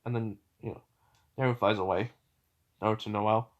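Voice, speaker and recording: A man's voice: fairly low pitch, steady tone, brisk, highs cut off. A man casually retelling a fan story, rambling with many fillers and self-corrections.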